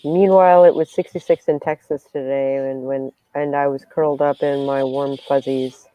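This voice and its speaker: A woman's voice: a bass voice, fairly even intonation, normal speed, no echo, lo-fi sound. A woman hosting a casual livestream chat, reading out viewer comments. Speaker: livestream host.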